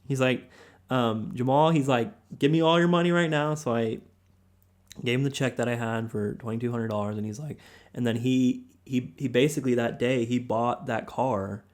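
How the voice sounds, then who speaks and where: A young man hosting a podcast, telling a personal story in a relaxed, slangy way and quoting the people in it. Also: mid-range voice, normal speed. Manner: laid-back, slangy, quotes others a lot. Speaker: podcast host. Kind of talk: casual storytelling.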